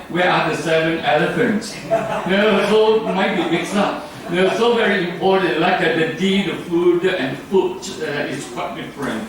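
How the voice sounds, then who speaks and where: A man's voice: fairly high pitch, a bit bright. A man from Thailand with a Thai accent, giving a rambling club speech full of fillers and restarts. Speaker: club speaker. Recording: very echoey room from far off, faint noise.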